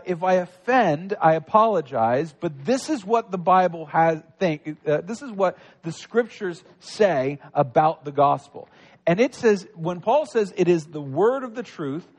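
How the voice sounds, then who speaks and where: A man preaching a sermon, teaching through a scripture passage in a conversational way with frequent restarts. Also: sits high. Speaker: pastor.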